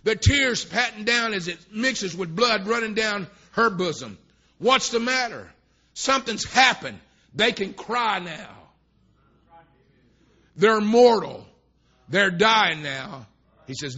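High-voiced fervent preacher man. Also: big pitch swings, slow pace, breathy edge. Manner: fervent, rising to shouts. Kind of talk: sermon. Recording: dull lo-fi sermon recording.

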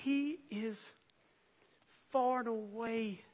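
A high-voiced man preaches a sermon at an extremely slow pace. Earnest throughout, he swells from soft reading to impassioned near-shouting. The recording is dull and lo-fi.

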